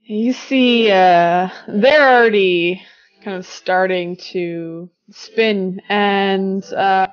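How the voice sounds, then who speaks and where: A woman's voice: medium pitch, drawn-out words, clean tone, highs cut off. Laid-back woman game master. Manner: casual, laughing, swears freely. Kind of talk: narrating a tabletop game.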